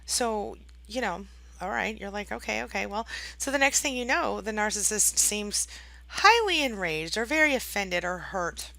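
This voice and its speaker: A woman's voice: mid-range voice, expressive, unhurried, gravelly, sharp tone, no echo. A woman coaching abuse survivors in a direct-to-camera advice talk, chatty and constantly checking in with "right?" and "okay?", acting out the voices she quotes. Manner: acts out quoted voices dramatically.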